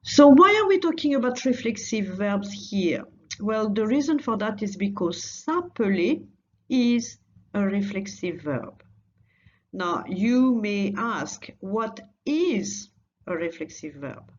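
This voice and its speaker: A woman's voice: medium pitch, lively intonation, takes it slowly, highs cut off. A woman teaching a recorded language lesson, patiently repeating phrases for learners.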